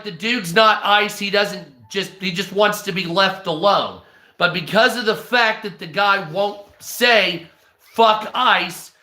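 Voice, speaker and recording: On a livestream, a man with a bright, high-pitched voice and forceful tone delivers a crude rant loaded with profanity, breaking off mid-sentence to thank viewers. The room is echoey.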